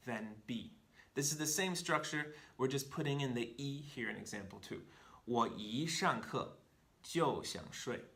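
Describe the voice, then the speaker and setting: A man teaching Chinese grammar, explaining each example clearly and step by step. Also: mid-range voice, sharp tone. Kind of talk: scripted explanatory lesson.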